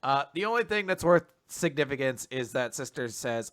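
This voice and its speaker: A man co-hosting a casual manga recap podcast, animated, laughing often and acting out characters' lines. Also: medium pitch, normal speed, smooth, no echo, clean studio sound. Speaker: podcast co-host.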